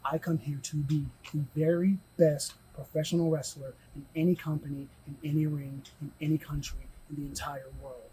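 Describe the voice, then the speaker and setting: A fairly high-voiced man speaks with flat, even intonation, boasting and throwing out challenges in a post-match interview. A faint hiss sits behind him. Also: normal speed, hardly any pauses, low-quality recording. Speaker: wrestler, new champion.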